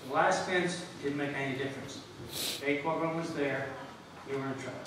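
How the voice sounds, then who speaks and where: Halting man telling stories in an echoey hall. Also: fairly high pitch, steady tone. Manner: rambling, halting, laughing through stories. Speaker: eulogist, former jockey. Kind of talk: anecdotal memorial speech. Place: memorial service venue. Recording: echoey hall, mic from far off, noisy.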